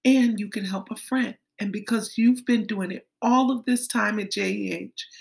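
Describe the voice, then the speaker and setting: A woman teaching a lesson for young children as a kindergarten teacher, gentle and sing-song, calling the children friends. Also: mid-range voice, fairly even intonation, normal speed, creaky.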